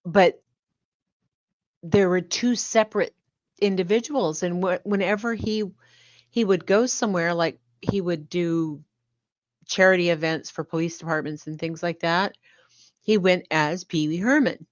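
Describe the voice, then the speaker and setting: Woman guest chatting on a panel stream, lowish voice, dull dry sound. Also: a little slow, long pauses, no echo. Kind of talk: casual live-stream chat. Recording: dull dry remote audio.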